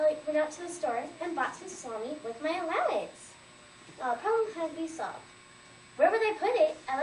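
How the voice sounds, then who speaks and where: A woman recites a lively story, dropping in frequent "like"s as she goes. Her voice sits high, and the room echoes around it. She is recorded from far off, with a faint background hum. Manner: lively storyteller, heavy use of "like". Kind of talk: storytelling recitation at a language fair.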